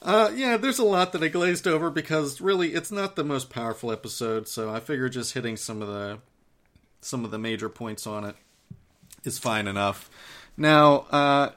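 A man's voice: mid-range voice, moderate pace, fairly bright tone. A man hosting a podcast, casually recapping an episode in a rambling, profane way with lots of fillers. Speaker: podcast host.

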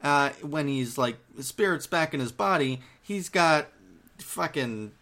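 A man's voice: a little high, expressive, takes it slowly, bright, forceful tone. Rambling, profane man recapping a show. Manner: rambling, profane, filler-heavy. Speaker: podcast host. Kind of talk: casual chat recapping an episode.

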